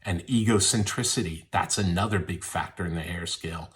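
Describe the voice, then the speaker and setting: A man, a literary scholar, giving a scripted, dramatic narration that often drops to a hush. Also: deep voice, brisk, hardly any pauses. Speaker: literary scholar and podcast contributor.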